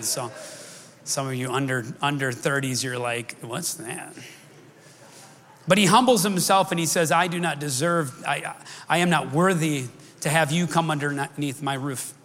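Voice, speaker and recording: A man's voice: on the high side, a bit bright. A middle-aged man preaching a sermon as pastor, speaking conversationally, wandering off track and restarting his sentences. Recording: long reverb of a large hall.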